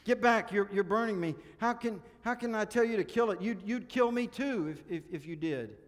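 A man's voice: on the high side, normal speed, long reverb tail, lightly acted. A man voicing a frightened, evasive ghost of a man who stammers and makes excuses, read aloud in a sermon. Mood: panicked. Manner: stammering, panicky. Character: terrified, evasive ghostly man clinging to sin.

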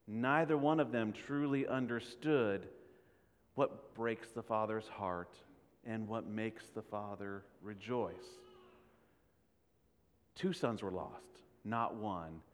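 A man's voice: lowish voice, slow pace, long reverb tail. A man preaching a sermon, earnest and full of rhetorical questions to the congregation.

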